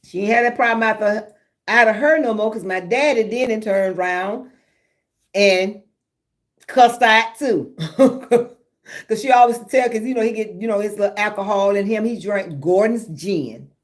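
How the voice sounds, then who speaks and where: A woman's voice: mid-range voice, moderate pace. A woman, chatting casually with live viewers and telling stories with lots of laughter. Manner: lively storytelling, laughing often, drawling Southern speech. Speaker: livestream host.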